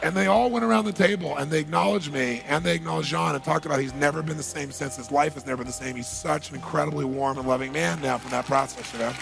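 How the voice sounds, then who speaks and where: A man's voice: a little high, quick pace, gravelly, hardly any pauses, music in the background. A man giving an emphatic motivational talk at a seminar, telling a story and repeating key phrases for weight. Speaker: motivational speaker.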